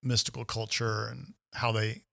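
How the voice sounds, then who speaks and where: In a creaky, lowish voice at a moderate pace, a man recounts a story in casual podcast chat. He tells it with animation, acting out the voices of those he quotes.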